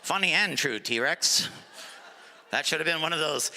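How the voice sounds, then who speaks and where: Animated middle-aged male stand-up comic. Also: a little high, unhurried, gravelly, a little hiss or hum. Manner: animated, jumps into character voices. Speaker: stand-up comedian. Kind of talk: live stand-up comedy. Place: comedy stage before an audience. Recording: live venue with long reverb.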